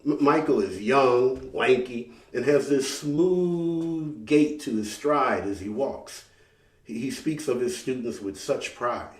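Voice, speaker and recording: A man performing a solo theatrical story, telling it dramatically and often repeating words as he goes. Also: mid-range voice. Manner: dramatic, halting repetitions. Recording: roomy sound from a distant mic.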